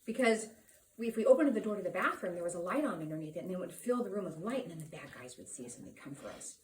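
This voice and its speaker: Middle-aged woman telling a lively story, distant. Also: on the low side, fast talker, slight background noise. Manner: lively, acts out the people and sounds in her story. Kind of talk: personal storytelling to a live audience. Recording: roomy sound from a distant mic.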